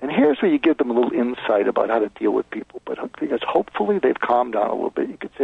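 A man's voice: mid-range voice, big pitch swings, fast, vocal fry, hardly any pauses, breathy edge, no room sound. A man being interviewed as a guest author, explaining step by step and acting out sample lines over a phone line. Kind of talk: advice interview.

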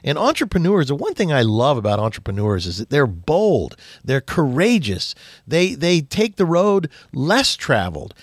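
A man's voice: on the high side, wildly swooping pitch, moderate pace, dry recording, clean studio sound. A man hosting a business radio talk show, rambling animatedly and acting out little quotes.

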